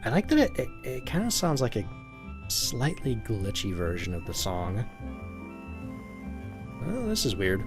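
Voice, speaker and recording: A man's voice: on the low side, very animated, unhurried, pauses often, music in the background. A man hosting a let's play of a horror game, making wry, amused asides as he explores. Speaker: gaming channel host.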